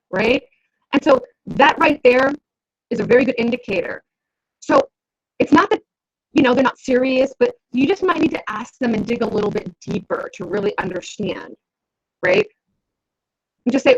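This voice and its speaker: Speaking at a normal speed, a female business coach delivers an instructional talk to camera in a high, husky voice full of lively intonation. She keeps it conversational, often checking in with her listener, though the lo-fi recording sounds dull.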